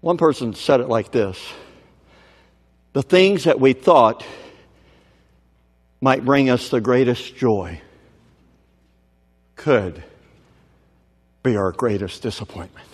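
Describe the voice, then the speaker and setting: A man preaching a sermon, dramatic and swinging from shouts down to near whispers, who keeps checking that the crowd is listening. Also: mid-range voice, expressive, slow, long pauses, husky. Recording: long hall reverb.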